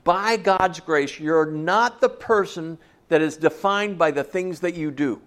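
A man preaches a sermon in an easy, conversational manner. He keeps checking in with the congregation with questions. His voice sits a touch high for a man. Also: measured pace, a bit bright. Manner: conversational, asks the listeners questions. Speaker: pastor.

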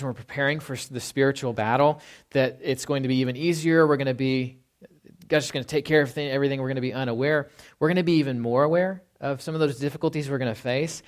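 A male pastor delivering a relaxed, conversational sermon. He speaks at a middle pitch, filling pauses with ums and tossing in "right?" to check in with his listeners. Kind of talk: casual sermon with object lessons.

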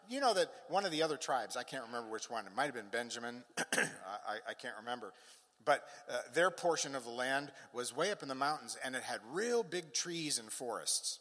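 A man's voice: mid-range voice, animated, a little fast, a bit bright. A man preaching a sermon, emphatic, with rising and falling cadence and touches of humor. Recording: long hall reverb.

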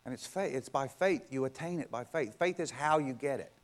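Here a pastor preaches in an emphatic, repetitive style, asking rhetorical question after rhetorical question as he alternates between loud and hushed passages. He has a mid-range voice and a brisk delivery.

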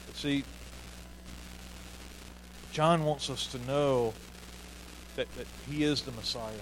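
A man's voice: mid-range voice, fairly even intonation, slow pace, long pauses, a little hiss or hum, poor audio. A man preaching a sermon in an earnest way, often repeating key phrases for emphasis. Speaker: pastor.

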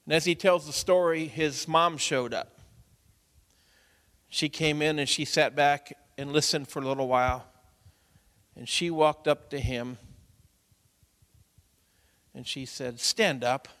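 A male pastor preaching in a church sanctuary, his voice sitting a little high for a man. He tells stories softly, then presses his point loudly and urgently. A long reverb trails behind every phrase. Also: steady tone, a little slow, pauses often. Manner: builds from quiet storytelling to loud urgent preaching. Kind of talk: sermon.

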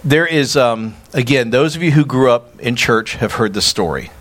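A man preaching a sermon as a pastor, animated and emphatic, acting out quoted dialogue. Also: mid-range voice, moderate pace.

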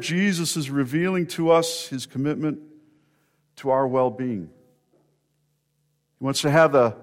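A man preaching a sermon, telling stories in a conversational way and speaking directly to members of the congregation. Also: mid-range voice. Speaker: pastor.

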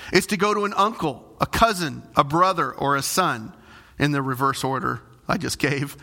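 A middle-aged man preaching a sermon as pastor, animated and dramatic, with big swings in his delivery. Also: high voice.

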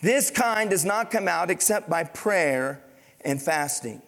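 A man with a high voice preaches to his congregation, reading scripture aloud and pausing to put questions to the listeners. His intensity swells and drops as he goes. The sound rings with the long reverb of a church hall. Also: lively intonation, creaky, a bit bright. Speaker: pastor. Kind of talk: sermon. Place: church sanctuary.

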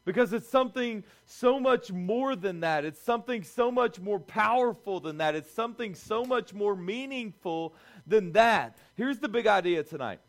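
A young male youth pastor delivers a lively sermon in a casual, talky way. His voice sits high, and he keeps the energy up, breaking into quick acted-out lines for the people in his story. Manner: animated, conversational, acts out quoted voices.

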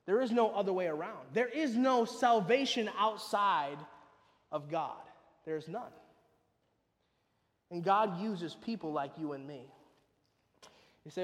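A man preaches with a high voice, pressing hard on some lines and dropping to a hush on others. His words carry a long reverb, as if spoken in a large hall. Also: a little slow, pauses often. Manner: emphatic, swings between loud and hushed. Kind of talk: sermon.

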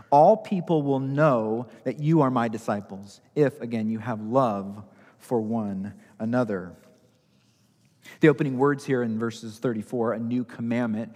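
A man's voice: medium pitch, a little mellow, in a large hall. A male pastor preaching a sermon, repeating key phrases for emphasis.

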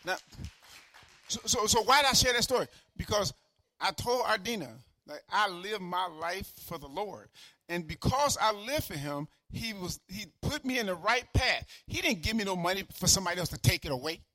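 Older male pastor, fiery repetitive sermon delivery, high bright voice. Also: expressive, normal speed, no echo, studio quality. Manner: fervent preaching, swings from shouting to quiet asides; repeats phrases for emphasis.

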